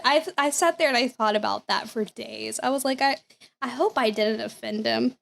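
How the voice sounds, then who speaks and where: A young woman from the American South, a streamer reacting to videos, tells a story casually in a Southern accent and laughs often. Her voice is fairly high, creaky and fairly bright, at normal speed, with a little hiss or hum in the audio.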